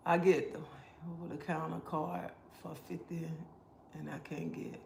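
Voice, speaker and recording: A man's voice: a little high, little pitch movement, unhurried, gravelly, a little hiss or hum. A man hosting a casual livestream, answering viewer comments and giving preachy life advice. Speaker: livestream host. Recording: roomy echo.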